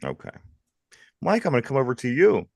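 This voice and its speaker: A man with a Pittsburgh accent hosting a live sports talk show, lively and jokey, reading trivia questions to his co-hosts. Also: medium pitch, a little fast, vocal fry, no room sound. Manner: lively, jokey, laughs often. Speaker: host.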